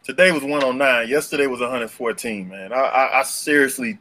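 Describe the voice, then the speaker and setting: Animated young man telling stories. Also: fairly quick, slight background noise. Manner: animated storyteller, slangy, jumps up in pitch for punchlines. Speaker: podcast co-host. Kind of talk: casual storytelling chat.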